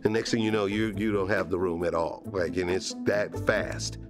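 A man's voice: low voice, fairly even intonation, normal speed, over music. A male comedian in an interview, rambling and searching for words.

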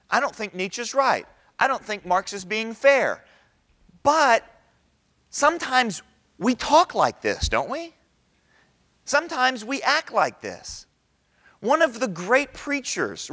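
Animated middle-aged man preaching, fairly high. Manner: conversational, asks the audience questions; animated, with big pitch swings. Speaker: speaker at a church event. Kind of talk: sermon-style talk.

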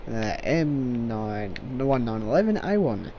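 A woman giving loud, profane commentary over gameplay, swearing and laughing often. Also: extremely low pitch, lo-fi sound, slight background noise. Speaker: gaming video creator.

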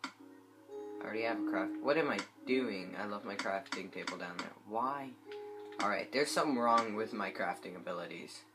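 Recorded on a phone with guitar music in the background, this gameplay host sounds sick and congested. His pitch sits fairly low and he moves at a moderate pace. His commentary rambles and hesitates, packed with fillers.

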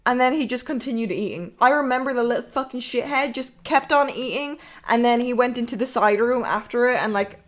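Rambling, foul-mouthed young Irish woman. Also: fairly high pitch. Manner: rambling, swears freely. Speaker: streamer. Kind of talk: casual stream chat.

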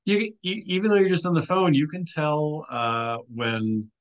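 A man's voice: on the high side, measured pace, dull audio. A middle-aged man telling a story casually as a guest on an interview show, with frequent restarts and "you know"s. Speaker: podcast guest, author and filmmaker.

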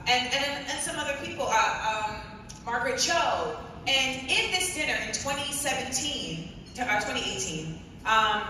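Brief: emphatic comic woman, distant mic, long echo and audience noise. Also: high-pitched. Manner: sharp, emphatic and wry. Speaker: co-host on stage. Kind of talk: storytelling stage conversation. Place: large conference hall stage. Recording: echoey hall, far from mic, crowd noise.

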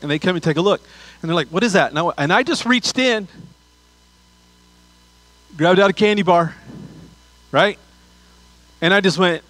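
Pastor guy preaching, kinda high voice, tells stories n jokes, dry sound. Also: expressive, normal speed, pauses often, a bit bright, no room sound, low-quality recording. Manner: storytelling with laughs and asides. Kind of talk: sermon.

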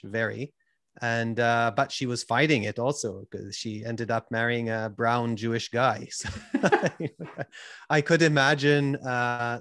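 A man's voice: mid-range voice, fairly bright tone, no room sound. Young guy with a mixed canadian british israeli accent, chatty, rambly and self-deprecating, dry mic. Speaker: podcast host being interviewed. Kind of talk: casual interview conversation.

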